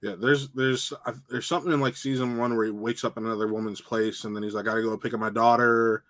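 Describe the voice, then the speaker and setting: A man's voice: mid-range voice, level tone, fast, fairly bright tone. Conversational man talking through a show. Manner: conversational, thinks aloud. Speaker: TV and film critic. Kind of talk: casual review chat.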